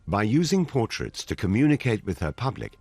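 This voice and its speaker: A man narrating a documentary in a measured, dramatic scripted delivery. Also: fairly low pitch, very animated, gravelly, darkish tone, breathy edge, no room sound. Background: music.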